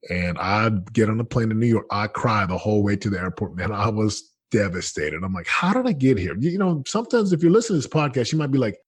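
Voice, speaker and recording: Earnest man, husky low voice. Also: fast, hardly any pauses, no echo. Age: 30s. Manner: earnest, animated, quotes himself often. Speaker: podcast guest. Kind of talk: candid storytelling.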